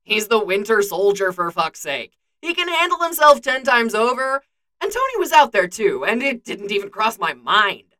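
Lady doing a cocky jokey archer dude, bright, lively voice, rambles and teases. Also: medium pitch, normal speed. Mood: rambling. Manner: teasing, self-mocking. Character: wisecracking young adult male archer.

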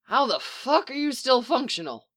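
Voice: medium pitch, measured pace, sharp tone. A reader voicing Rex, a swearing worn-out soldier man. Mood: gruff, bantering. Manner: swears a lot, blunt and scrappy. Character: weary soldier clone man, profane, teasing. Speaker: clone soldier captain.

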